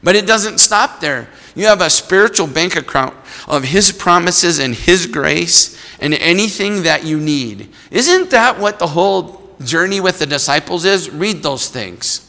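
A man's voice: on the high side, lively intonation, measured pace, gravelly, hardly any pauses, sharp tone. A man preaching a sermon in a conversational way, acting out small voices in his stories. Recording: long hall reverb.

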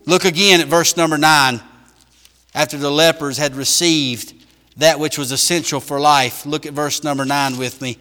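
A man preaching a sermon in a church, shifting from loud emphatic bursts to hushed lines. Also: on the high side, fairly even intonation, normal speed, in a large hall. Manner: emphatic preaching with big swings in volume.

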